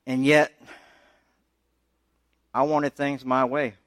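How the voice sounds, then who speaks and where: Preaching pastor, plain dry sound. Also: male voice, level tone, slow, fairly bright tone, no room sound. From United States. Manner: conversational preaching, rising in pitch when pressing a point. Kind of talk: sermon.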